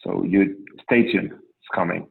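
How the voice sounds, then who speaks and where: A man with a French accent explains things in a measured, pausing way, his voice sitting on the low side. The sound comes through a narrow, phone-like call line. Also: creaky, husky. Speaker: drone company panelist. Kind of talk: video call panel answer.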